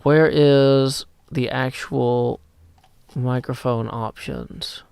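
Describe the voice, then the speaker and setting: A man chatting casually on a live stream, reading chat aloud and rambling through answers on a desk mic that clips when loud. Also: mid-range voice, steady tone, extremely slow, creaky, smooth, dry recording.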